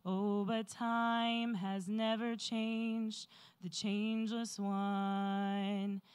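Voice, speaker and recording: A woman singing a slow gospel solo in church, soaring on the refrain. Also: medium pitch, little pitch movement, clear, resonant tone, faint music behind. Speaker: church soloist. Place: church sanctuary.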